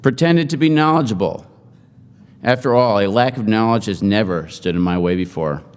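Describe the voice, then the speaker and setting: A middle-aged man giving a humorous after-dinner speech, joking in a deadpan, self-mocking way to an audience in a large hall. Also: fairly low pitch, moderate pace, smooth. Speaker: speaker at a forum. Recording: hall reverb.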